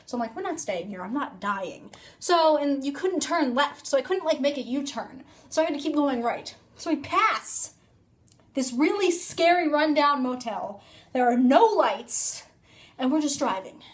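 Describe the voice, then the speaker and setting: Chatty young woman vlogger, high voice, phone-recorded storytime. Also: lively intonation, normal speed. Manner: chatty, rambling, filler-heavy "like". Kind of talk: casual storytime.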